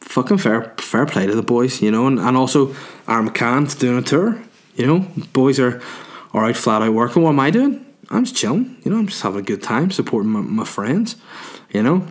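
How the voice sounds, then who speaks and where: Northern Irish male comic, solo chat, mid-pitched, loose and sweary. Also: lively intonation, moderate pace. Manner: rambling, sweary, full of "you know". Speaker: stand-up comedian and podcast host. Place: small room, alone.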